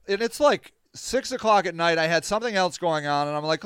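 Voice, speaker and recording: Male podcast host, high and clear-voiced, animated and exasperated storyteller who swears freely, dry close sound. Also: fairly quick, dry recording. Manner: laughs between lines. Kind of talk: casual storytelling monologue.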